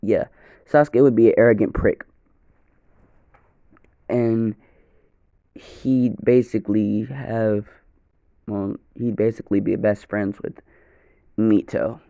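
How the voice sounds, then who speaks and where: A man's voice: lowish voice, flat delivery, slow pace, vocal fry, long pauses, warm tone, no echo, muffled recording. A young man narrating an improvised first-person fan story, rambling, correcting himself and swearing casually.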